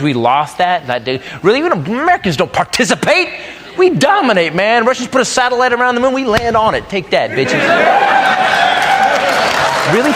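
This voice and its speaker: A man's voice: high-pitched, in a large hall. A man performing a crude stand-up comedy set, ranting brashly to a live audience. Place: comedy club stage before a live audience. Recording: live club recording, loud crowd and noise.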